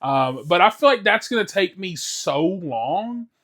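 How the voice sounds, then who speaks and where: Young man, podcast host, casual solo chat, rambling, lots of fillers and cursing, somewhat high voice. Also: expressive, measured pace, a bit bright. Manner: rambling, filler-heavy, swears freely, self-interrupting.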